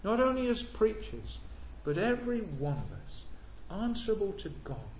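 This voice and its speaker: A man preaching a sermon in a church hall, swelling loud on key words and dropping low and soft between them. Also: sing-song, moderate pace, slight background noise. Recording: echoey hall, dull lo-fi sound.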